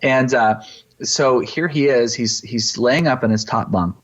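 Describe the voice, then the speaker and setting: A middle-aged man from East Texas, a pastor, telling a personal story in an interview with halting, reflective pauses and restarts. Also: medium pitch. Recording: slightly muffled lo-fi audio.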